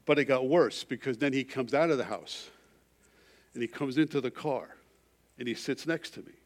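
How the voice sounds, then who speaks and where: In his sermon, a middle-aged male pastor recounts something personal, his mid-range voice at a moderate pace. He stresses points loudly, then drops into a hushed, confessional tone.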